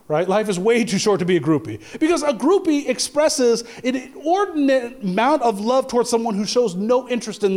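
A man's voice: high-pitched, darkish tone. A man preaching a sermon in church, telling a funny personal story and building to emphatic preaching, acting out the lines he quotes. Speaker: pastor. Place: church with congregation.

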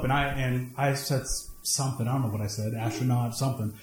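A man preaching a sermon, mixing personal stories with scripture, swinging between high emphatic lines and low asides. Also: brisk, few pauses, reverberant. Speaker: pastor.

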